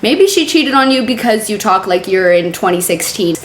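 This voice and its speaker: A woman hosting a casual reaction video, chatty and profane, with quick sarcastic asides. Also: mid-range voice, expressive, echoey room, a little hiss or hum.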